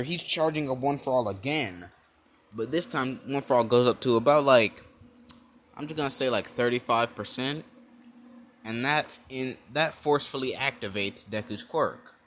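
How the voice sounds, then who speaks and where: A man's voice: medium pitch, a bit bright, slight background noise. Rambling young man telling a fan story. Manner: rambling, full of "like" and "you know", restarts. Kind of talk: improvised fan-fiction retelling.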